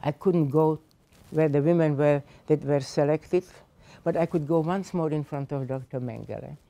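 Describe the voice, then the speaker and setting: A woman's voice: sits low, moderate pace, mellow. A woman in her eighties, a survivor giving personal testimony to teachers at a seminar, telling her story with emphasis and emotion. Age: 80s. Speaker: Holocaust survivor speaking to teachers. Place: seminar room.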